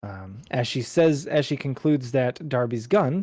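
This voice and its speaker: A man narrating as game master of a tabletop game, relaxed, with frequent ums. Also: medium pitch, a little slow, dry recording, clean studio sound.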